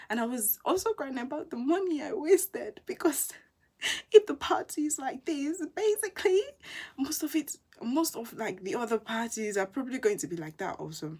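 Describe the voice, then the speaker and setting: A young woman, a university student telling stories in a casual vlog, animated and full of quoted asides. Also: mid-range voice, normal speed, slightly rough. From England. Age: young adult.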